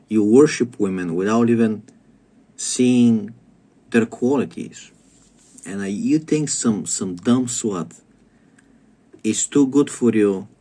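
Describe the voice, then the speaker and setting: A man's voice: fairly low pitch, mellow. A man delivering a comedic rant to camera, crude and profane, lecturing with stammered restarts. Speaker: comedic vlogger.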